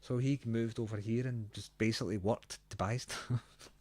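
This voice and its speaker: A man's voice: lowish voice, steady tone, normal speed, dark tone, dry recording. A middle-aged man with a Glaswegian accent, chatting casually about guitars in a blunt, chatty way, laughing and swearing freely. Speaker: guitar reviewer co-host. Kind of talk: casual chat.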